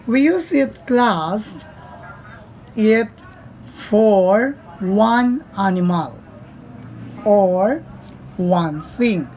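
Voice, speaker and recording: A woman teaching a grammar lesson in a slow, deliberate way, often calling the class to attention. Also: medium pitch, darkish tone, slight background noise, poor audio. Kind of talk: grammar lesson for young learners.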